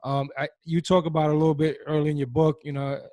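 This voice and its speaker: A man's voice: fairly high pitch, flat delivery, quick pace, warm tone, no echo. A man hosting a podcast, asking long, rambling questions full of restarts. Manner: rambling, many fillers and restarts. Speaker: podcast host. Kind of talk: interview questions.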